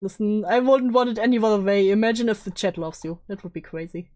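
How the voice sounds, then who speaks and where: A woman's voice: medium pitch, quick pace, a little mellow. A woman streaming casually, joking crudely and laughing often while reacting to a video. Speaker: VTuber streamer.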